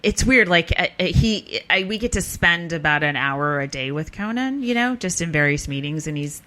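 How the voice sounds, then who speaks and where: A woman's voice: lowish voice, expressive, moderate pace, pushed and bright. A woman, a comedy writer and podcast guest, chatting casually with a dry, sarcastic delivery. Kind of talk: casual chat.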